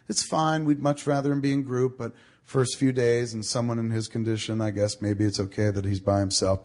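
Middle-aged guy on a podcast telling a story, lowish voice, cusses a lot, does everyone's lines. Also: gravelly. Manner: swearing, animated storyteller quoting others. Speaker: podcast host. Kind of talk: casual storytelling.

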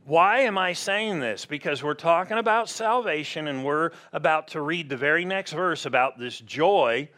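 A middle-aged man preaching, his voice sitting a bit high for a man. He keeps it animated and talky and acts out quick voices to make his points. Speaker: pastor. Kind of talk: sermon.

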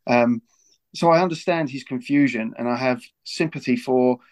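A man's voice: mid-range voice, moderate pace, a little mellow. A man talking earnestly about his football club, often repeating words as he goes. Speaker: football club figure as guest. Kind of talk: casual podcast talk.

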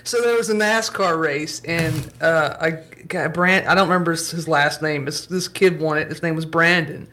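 A man chatting as a podcast guest, telling stories with lively energy and quick laughs. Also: on the high side, a little hiss or hum. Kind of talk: casual chat.

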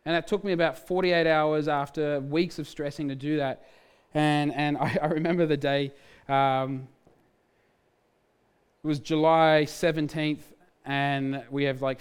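A man's voice: fairly high pitch, level tone, unhurried, clear, resonant tone. A man, a pastor, telling a candid personal testimony in a sermon, with restarts and self-mocking humor.

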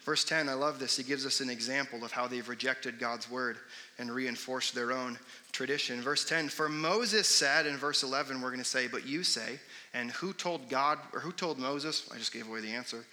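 Young preacher, chatty storytelling delivery, bright slightly high voice, echoing hall. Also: male voice, steady tone, moderate pace. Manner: conversational, storytelling, sarcastic asides. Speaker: pastor. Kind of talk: sermon. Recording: long hall reverb.

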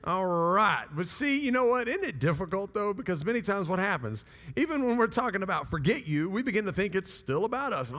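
Animated preaching man in a big hall. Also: high voice, a little fast. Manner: animated storytelling with quoted voices. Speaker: pastor. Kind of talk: sermon.

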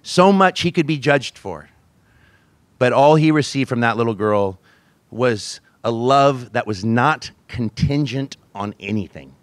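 A man's voice: mid-range voice, expressive, unhurried, no room sound. A pastor in his forties preaching a sermon, telling a family story with self-mocking laughs and acting out the voices he quotes.

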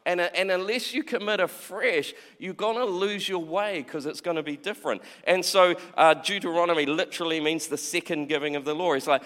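A man with a high-pitched, slightly bright voice preaches a little fast, with fairly even intonation and few pauses. His chatty sermon features acted-out quoted voices and repeated words, recorded with the long reverb of a large hall.

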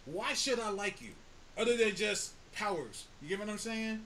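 A man co-hosting a podcast in casual chat, animated, swearing and laughing often. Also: sits high, moderate pace, a little hiss or hum. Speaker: podcast co-host.

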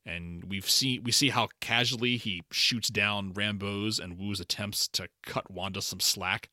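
Bright-voiced man recapping a show. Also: fairly low pitch, dry recording, studio quality. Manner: chatty, opinionated, laughs now and then. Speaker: podcast co-host. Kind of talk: casual episode recap.

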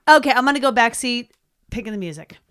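A woman co-hosting a casual podcast chat, animated and quick to joke. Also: on the high side, gravelly. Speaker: podcast co-host.

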